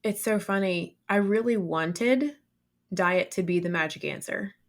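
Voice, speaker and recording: A woman's voice: medium pitch, unhurried. A woman guest on a podcast, speaking earnestly and emphatically, often repeating phrases for weight. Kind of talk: casual podcast conversation.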